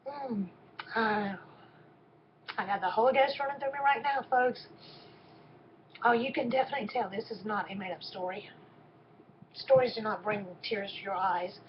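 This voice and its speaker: A woman's voice: mid-range voice, normal speed, pauses often, lo-fi sound, slight background noise. A woman gives an emotional personal faith testimony, often stopping and repeating her words. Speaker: storyteller.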